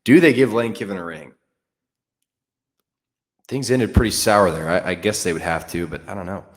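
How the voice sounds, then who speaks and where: A man's voice: low-pitched, normal speed, long reverb tail. A man hosting a solo sports show, talking in a frank, offhand way with fillers and some mild cursing. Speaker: sports podcast host. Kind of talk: casual solo sports commentary.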